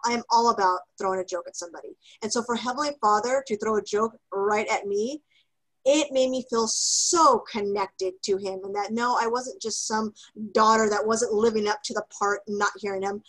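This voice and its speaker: A woman co-hosting a casual podcast, telling a personal story in a lively way with laughter, fillers and restarts. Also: mid-range voice, rough recording. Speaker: podcast co-host.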